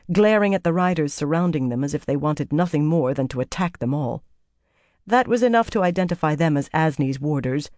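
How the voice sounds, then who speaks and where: An audiobook narrator reading fantasy fiction in an even, measured way. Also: medium pitch, no echo, studio quality.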